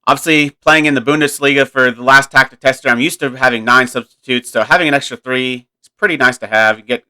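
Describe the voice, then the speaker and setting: A man's voice: mid-range voice, fairly even intonation, fast, bright, forceful tone, smooth. A man giving casual, thinking-aloud commentary while playing a football management game, often correcting himself mid-sentence. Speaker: gaming YouTuber.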